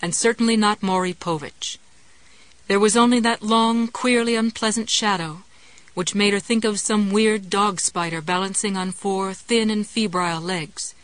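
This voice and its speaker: A woman reading a suspense novel aloud as audiobook narration in a steady, measured way. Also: medium pitch, no echo, poor audio. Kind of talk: scripted narration.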